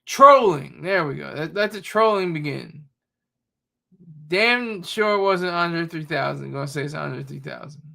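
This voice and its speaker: A man's voice: a little high, expressive, a little slow, vocal fry, pushed and bright. A man giving casual, rambling reaction commentary, often searching for words and sounding sarcastic. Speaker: commentary streamer.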